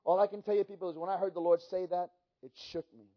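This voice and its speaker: Fervent high-voiced male preacher, lo-fi. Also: fairly even intonation, fast. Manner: fervent, dramatic storytelling with many restarts. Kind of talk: sermon testimony.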